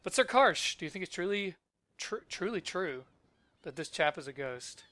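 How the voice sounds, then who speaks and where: A man's voice: high voice, animated, moderate pace, pushed and bright, dry recording, pitched above the performer's own voice. A man doing a prim, posh henchman. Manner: prim, stammering, overly proper speech. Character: posh, fussy male henchman soldier.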